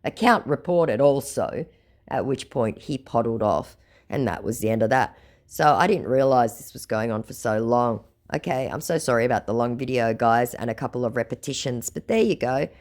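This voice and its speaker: A woman's voice: a bass voice, brisk, darkish tone. A woman hosting a scam-baiting video, reading out chat logs with sarcastic, mocking narration. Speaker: scam-baiting channel host.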